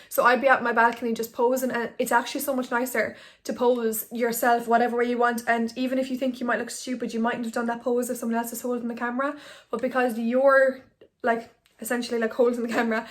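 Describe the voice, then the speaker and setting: Chatty young woman, flat bright voice. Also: a little high. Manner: chatty, rambling, filler-heavy. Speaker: Instagram blogger. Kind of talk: casual talking-head vlog. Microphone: phone on ring light.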